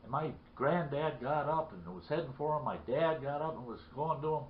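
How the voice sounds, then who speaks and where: A man's voice: fairly high pitch, normal speed, a little hiss or hum. A man telling a folksy story from his boyhood in a rambling, repeating way. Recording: roomy lo-fi recording.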